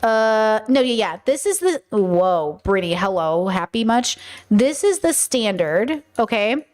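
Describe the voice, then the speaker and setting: Woman, podcast host, high-pitched, casual monologue, blunt, animated, swears, rambling restarts. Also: measured pace.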